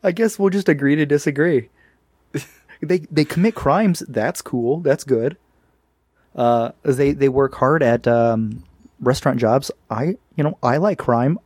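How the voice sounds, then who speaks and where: A man co-hosting a podcast, chatting casually about a cartoon, animated and laughing as he acts out quotes. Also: medium pitch, measured pace, no room sound, clean studio sound. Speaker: podcast co-host. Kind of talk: casual chat recapping a cartoon.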